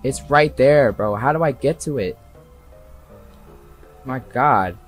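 A young man doing live commentary on a horror game, excitable and swearing freely, talking straight to the characters and breaking into sudden yells. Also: mid-range voice, slow pace. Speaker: streamer. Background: faint game music.

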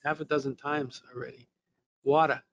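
A man with a New England accent talks through a technical lesson in a relaxed, explanatory way. His voice sits a little high for a man, and he often pauses on fillers as he works through each point. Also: lo-fi sound, slight background noise. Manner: casual explanatory, frequent fillers. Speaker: technical trainer.

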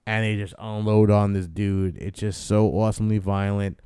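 A man co-hosting a casual comic book chat. His voice is low, mellow and smooth, and he retells scenes with energy, acting out the characters' lines. The sound is dry and close. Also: fairly even intonation, moderate pace, no echo. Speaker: podcast co-host.

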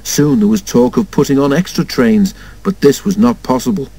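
A man reading a children's storybook aloud in an expressive way, doing all the character voices himself. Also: mid-range voice, moderate pace, slightly rough, rough recording. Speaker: storybook narrator.

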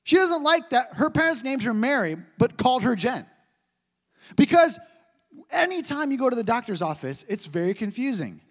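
A man's voice: extremely high pitch, normal speed. A man in his thirties preaching a sermon, joking and telling stories as he teaches. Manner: animated, joking storyteller. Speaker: pastor. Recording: preached in a hall with long reverb.

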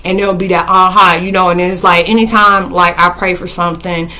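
A woman with a bright, forward tone talks casually to her viewers about spiritual growth. She rambles loosely, circling back with restarts and a steady stream of fillers. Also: lowish voice, a little fast. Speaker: spiritual vlogger.

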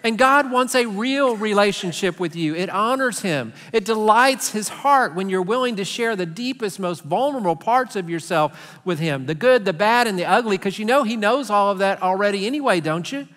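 A middle-aged pastor with a Texan accent preaches in a large church sanctuary at a moderate pace, his high, slightly bright voice showing lively intonation. Earnest and conversational, he sometimes acts out voices for humor, and long hall reverb fills the recording.

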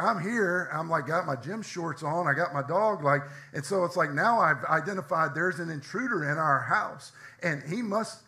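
A man's voice: sits high, sharp tone. A man preaching a sermon as a pastor, telling stories in a conversational way with frequent asides. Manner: conversational storytelling, frequent "like" and "right?".

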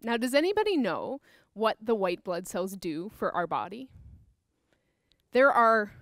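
A woman's voice: mid-range voice, very animated, unhurried, fairly bright tone, no room sound, studio quality. A woman teaching a creative movement dance class for children, upbeat and encouraging as she counts out the moves. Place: dance studio with a piano.

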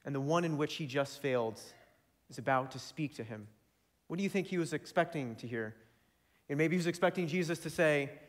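A man's voice: fairly high pitch, fairly quick. A young man preaching a sermon, earnest and building to fervent emphasis.

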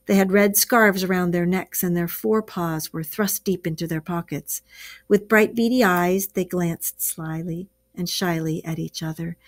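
Woman teacher, expressive storybook read-aloud for a class. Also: fairly low pitch, normal speed.

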